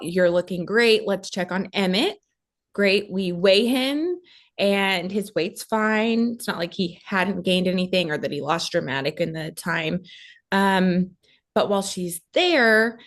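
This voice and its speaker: A young woman tells a personal story as a podcast guest, casual and animated. She slips into other people's voices when she quotes them. Her voice sits at a medium pitch. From Texas.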